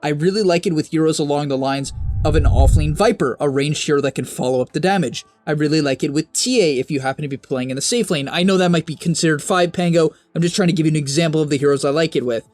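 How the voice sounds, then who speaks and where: A young man hosting a game strategy guide, talking fast and emphatically with sudden high-pitched bursts, on a close mic. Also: darkish tone, soft background music. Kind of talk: energetic strategy guide narration.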